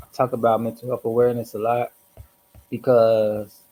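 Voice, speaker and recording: A man hosting a casual livestream, reflective and rambling, hoarse from smoking and clearing his throat often. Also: mid-range voice, measured pace, poor audio. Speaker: host.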